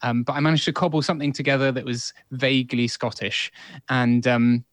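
A man who is an actor and co-founder, telling a relaxed, chatty story as a guest in a conversation. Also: mid-range voice, fairly quick, no room sound. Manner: relaxed and chatty, with many fillers. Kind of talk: casual storytelling in a podcast conversation.

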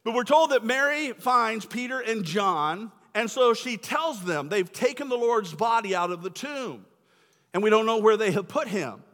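Guy pastor preaching, high bright voice, long church-hall echo. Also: expressive, normal speed. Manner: conversational, emphatic preaching. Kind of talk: sermon. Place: church sanctuary.

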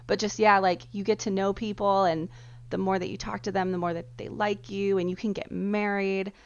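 A woman's voice: mid-range voice, flat delivery, moderate pace. A woman on a group podcast, talking in a reflective, hesitant way with fillers. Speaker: podcast panelist. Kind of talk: casual group chat. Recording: dull lo-fi mic.

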